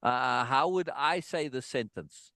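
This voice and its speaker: A man's voice: mid-range voice, slow, sharp tone, no echo. A man giving an informal online songwriting lesson, thinking aloud and checking in with his students with a frequent "right?". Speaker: songwriting teacher.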